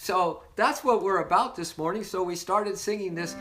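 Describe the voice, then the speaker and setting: The leader of an online spiritual sobriety meeting, giving an inspirational talk with storytelling in a warm-hearted, playful, rambling way that often repeats words. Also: medium pitch, moderate pace, background noise.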